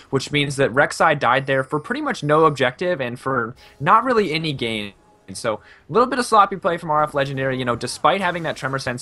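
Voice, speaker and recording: A man doing color commentary on a live esports match, talking quickly in a bright, forceful voice. He breaks down decisions and mistakes analytically, with casual fillers between his points. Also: mid-range voice. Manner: analytical, with frequent um and you know.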